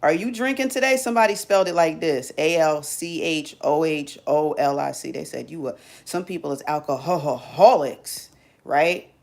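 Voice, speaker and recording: A woman with a slightly lower voice hosts a live stream. She talks straight to her viewers in a loose, casual monologue. Her manner is sassy, teasing and full of slang. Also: normal speed, vocal fry.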